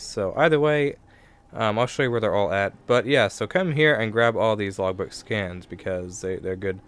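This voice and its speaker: A young man giving casual let's play commentary into a desk microphone, rambling and correcting himself as he thinks aloud. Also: fairly low pitch.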